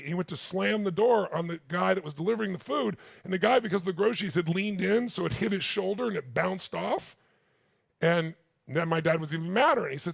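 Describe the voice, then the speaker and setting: His voice is high-pitched, gravelly and breathy at the edges, animated and brisk. The man, in his sixties, gives a motivational talk on a large stage to a live audience, telling stories intensely and addressing them directly, in a clean studio recording with no room sound.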